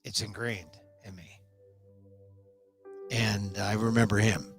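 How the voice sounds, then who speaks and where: A middle-aged man hosting his own talk show, delivering an emphatic solo commentary monologue that speeds up and slows down for stress. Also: lowish voice, fairly even intonation, a bit bright, soft background music. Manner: emphatic, shifting pace for stress.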